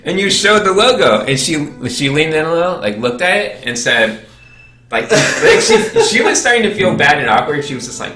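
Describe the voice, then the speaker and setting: A man's voice: on the high side, moderate pace, reverberant, distant mic, faint music behind. A young man hosting a casual podcast chat, telling a story and acting out the quotes. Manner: animated storyteller, acts out quotes. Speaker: podcast host.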